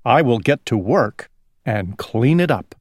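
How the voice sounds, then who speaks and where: A man voicing a tidy, brisk middle-aged farmer's wife in a fussy, raised voice. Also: medium pitch, expressive, a little mellow, no echo, clean studio sound. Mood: determined.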